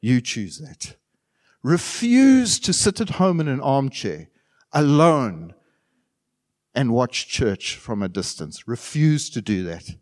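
A middle-aged man preaching a sermon as pastor, animated, with sudden loud bursts and quiet asides. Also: medium pitch, slow pace.

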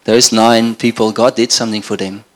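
A man's voice: lowish voice, level tone, moderate pace. A middle-aged man from Namibia preaching a sermon in an earnest, conversational way. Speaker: pastor.

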